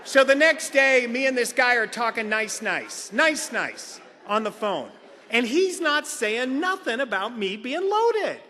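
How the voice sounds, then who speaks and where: A middle-aged man speaks to a meeting hall in a high, bright voice that swoops lively up and down. He tells a funny personal story and slips into other people's voices. The sound carries a long hall reverb. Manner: animated, acts out other people's lines. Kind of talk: comedic personal storytelling talk.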